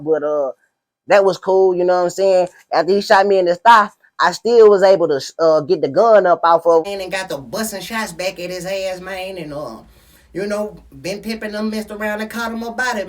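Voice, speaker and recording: A man's voice: high voice, close to an everyday voice. A man playing a boastful streetwise pimp in a spoof interview, rambling in slang and constantly asking "you know what I'm saying". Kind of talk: comedic parody interview.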